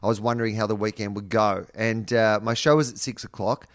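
An Australian man co-hosting a casual podcast, recounting a story with lively swings of feeling, swearing freely and breaking into laughs. His voice is mid-pitched and recorded close and dry. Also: a little fast, no echo. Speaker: podcast co-host and stand-up comedian. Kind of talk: casual chat.

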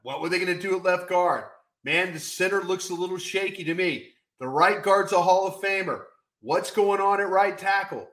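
A man co-hosting a casual sports podcast, talking in a folksy, animated way with plenty of "I tell you what.". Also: high voice, normal speed, reverberant. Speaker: podcast co-host.

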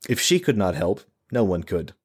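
A man voicing a defeated, grieving village mother who talks in a flat, bitter monotone. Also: low voice, moderate pace, breathy edge, heavily acted. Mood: weary, bitter.

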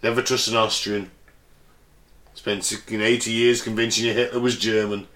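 A man's voice: on the low side, flat delivery, normal speed, fairly bright tone, slight background noise. A man in his thirties co-hosting a podcast, rambling and sweary, laughing often. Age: 30s. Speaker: podcast co-host. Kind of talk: casual chat.

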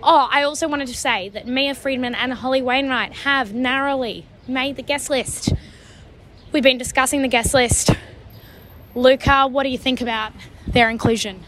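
A woman's voice: high voice, fairly even intonation, moderate pace, a bit bright, a little hiss or hum. A young woman co-hosting a podcast, recording a chatty message in a wry, self-deprecating way. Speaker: podcast co-host.

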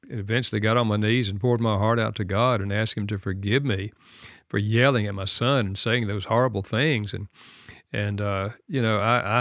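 An older man, a radio show guest, tells a personal story earnestly and reflectively, laughing softly now and then. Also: on the low side, dry recording, studio quality.

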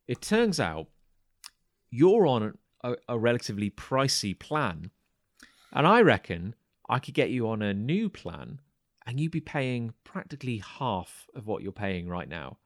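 A man's voice: mid-range voice, big pitch swings, unhurried, no room sound, studio quality. A man co-hosting a podcast, telling a long anecdote in casual chat, stumbling over restarts and acting out what others said. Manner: rambling anecdote with stammered restarts and acted quotes. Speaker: podcast co-host.

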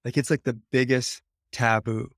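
Male podcast guest, author, earnest explainer, repeats phrases, middle pitch. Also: level tone, moderate pace, dry recording, studio quality. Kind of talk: conversational podcast interview.

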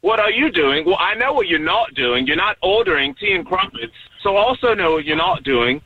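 A man's voice: high-pitched, sing-song, a little fast, gravelly, a little hiss or hum, heavily acted. A man over the phone voicing a fake English tea shop clerk with a put-on English accent, evasive and mock-polite. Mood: snippy. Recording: tinny phone line.

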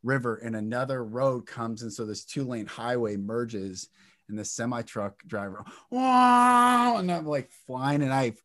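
An intense man tells a raw personal story, emotional and blunt, swearing freely. His voice sits in a middle pitch and is recorded close and dry, with no room around it. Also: steady tone, moderate pace, no room sound. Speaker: podcast guest. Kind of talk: candid interview talk.

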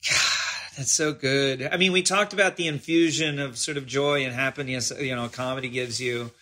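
Rambling man, bright and eager. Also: mid-range voice, steady tone, moderate pace. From Los Angeles. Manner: rambling, hesitant, many restarts and fillers. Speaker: guest, film director. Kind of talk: casual interview chat.

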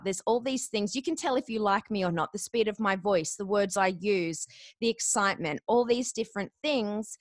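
Australian woman, 40s, lively guest expert, dry close sound. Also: mid-range voice, dry recording. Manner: energetic, quick and enthusiastic. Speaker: podcast guest booker. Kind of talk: interview answers.

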